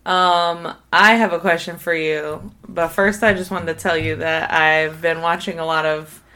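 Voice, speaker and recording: A woman's voice: on the low side, fairly even intonation, measured pace, sharp tone. Chatty woman podcast co-host. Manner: chatty, swears casually. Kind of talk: casual chat.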